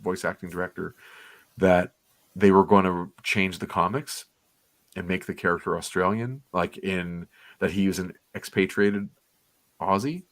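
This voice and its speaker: A man's voice: low voice, steady tone, unhurried, fairly bright tone, no echo. A man co-hosting a comics livestream, giving rambling, enthusiastic, nostalgic commentary on an old cartoon. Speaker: comics podcast co-host.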